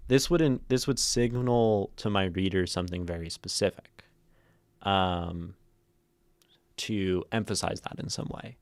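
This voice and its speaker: A man hosting a poetry livestream, thinking out loud to chat, shifting word stress and checking in with "right?". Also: lowish voice, expressive, measured pace, clean tone. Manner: thoughtful, tags phrases with "right?"; plays with stress, rereading lines different ways. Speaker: streamer hosting a poetry reading. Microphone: streaming mic and camera.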